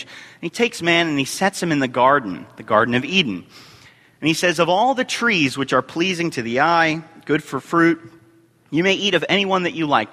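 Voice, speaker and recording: A man preaching a sermon as a youth and family minister, reading scripture in measured phrases with emphatic rises. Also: a little high, pushed and bright. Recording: long hall reverb.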